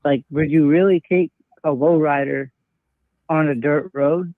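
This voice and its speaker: A man's voice: fairly high pitch, fairly even intonation, unhurried, no room sound. Male caller over a tinny phone line.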